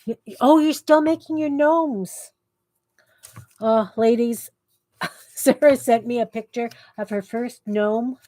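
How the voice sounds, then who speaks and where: Middle-aged woman, craft livestream host, casual chat, mutters to herself, slightly high voice, at home. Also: slow pace, pauses often, a little mellow, no room sound. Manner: chatty, self-talk while working, mutters to herself. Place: home basement craft room.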